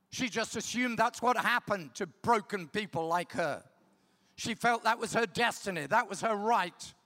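In a large hall with long reverb, a middle-aged preacher delivers his sermon in a high, bright, forceful voice. Emphatic throughout, he repeats key words and keeps checking in with the congregation.

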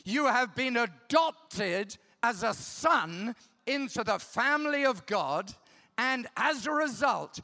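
A middle-aged man preaches a sermon in a very high-pitched, sharp voice, the large hall giving it a long reverb. He's emphatic, repeating key words and checking in with his audience.

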